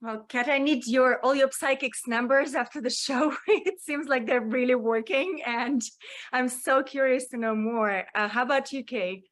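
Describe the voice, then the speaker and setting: High-voiced woman co-host passing the question. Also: normal speed, fairly bright tone. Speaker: talk show co-host. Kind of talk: casual chat.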